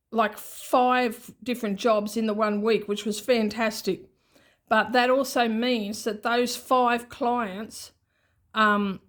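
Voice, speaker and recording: An Australian woman talking in a rambling, chatty way with many asides, in an unscripted casual vlog. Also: medium pitch. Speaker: budgeting vlogger.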